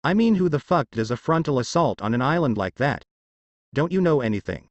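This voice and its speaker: A man's voice: medium pitch, very animated, fairly quick, no room sound, lo-fi sound, lightly acted. A man voicing a grieving, hot-headed young male soldier in a fan story reading, swearing and stammering. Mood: raging.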